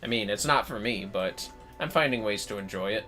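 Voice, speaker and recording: A man's voice: lowish voice, brisk, pushed and bright, faint music behind. A man chatting casually while livestreaming a video game, swearing freely and answering chat. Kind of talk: casual gameplay commentary.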